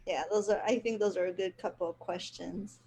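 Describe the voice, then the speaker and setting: A woman hosts a casual spiritual chat in a mellow, warm voice. She tells a rambling personal story and laughs often. A faint hiss sits under the recording. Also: fairly low pitch, fairly even intonation, fairly quick. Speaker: host.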